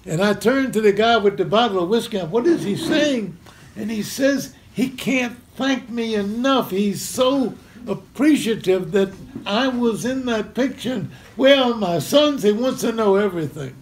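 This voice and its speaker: With a high pitch, a moderate pace and hardly any pauses, an older Memphis, Tennessee man tells a community center audience about his own experience. He's an animated storyteller who chuckles and acts out scenes, and a little hiss or hum is audible.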